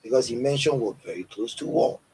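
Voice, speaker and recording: A man hosting a news discussion, asking measured questions. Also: mid-range voice, a little mellow, slight background noise, poor audio. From Nigeria. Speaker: news show host. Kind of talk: studio discussion.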